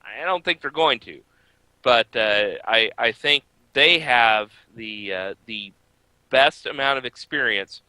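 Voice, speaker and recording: A man with a bright, smooth voice talks through a casual motorsport podcast, stopping often on fillers as he gathers his thoughts. He speaks slowly, and the dry recording keeps him close. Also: mid-range voice, no room sound, rough recording. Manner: hesitant, many filler pauses. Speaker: podcast co-host. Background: baby crying.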